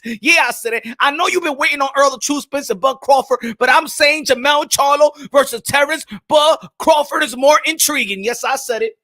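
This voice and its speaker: An extremely high-pitched young man hosts a lively boxing morning show streamed live, sounding hyped and shouty while mixing street slang with Spanish phrases.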